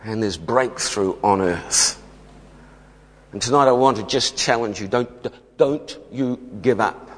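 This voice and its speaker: A man's voice: fairly low pitch, a little slow. A man, preaching a sermon as an emphatic storyteller who laughs often. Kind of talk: sermon testimony. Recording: long hall reverb.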